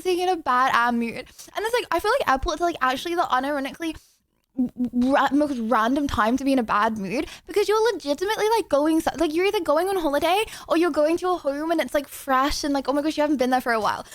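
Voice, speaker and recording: Bubbly high-voiced young woman streamer. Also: lively intonation, fast, no echo. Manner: chatty, bubbly, full of "like" fillers. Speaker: streamer host. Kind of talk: casual livestream chat.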